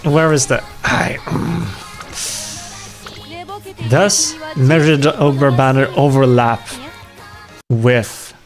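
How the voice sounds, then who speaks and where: A man streaming a game, chatting casually and reacting with dramatic, self-mocking exclamations and frequent laughs. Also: medium pitch. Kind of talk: casual gaming livestream chat.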